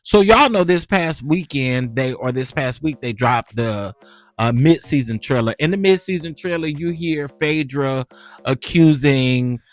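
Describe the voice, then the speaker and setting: A man cooking on camera and talking casually, chatty and lively, with a steady stream of "child" and "honey.". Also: medium pitch, unhurried, no room sound. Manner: animated, chatty, keeps saying child and honey. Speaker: cooking vlogger. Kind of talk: casual cooking and gossip chat.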